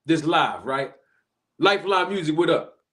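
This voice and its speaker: A man hosting a live stream, chatting casually and giving animated shout-outs to viewers. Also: a little high, moderate pace. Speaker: livestream host.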